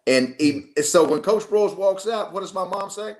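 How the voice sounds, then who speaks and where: A man from Arkansas, a football coach telling lively stories as an interview guest. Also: sits high, normal speed. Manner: animated storyteller, acts out quotes. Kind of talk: storytelling in a radio interview.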